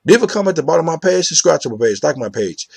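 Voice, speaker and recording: A man's voice: fairly high pitch, sing-song, very fast, creaky, breathy edge, no room sound. A man hosting his own boxing commentary channel, talking casually to viewers in a rambling way, with many restarts and the repeated filler "you know what I'm saying", and asking viewers for their opinions. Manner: talks straight to viewers, asks for their opinion.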